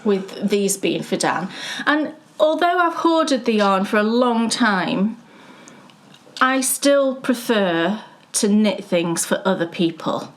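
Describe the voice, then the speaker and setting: A woman co-hosting a casual knitting chat, chatty and excitable. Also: mid-range voice, takes it slowly. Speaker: podcast co-host.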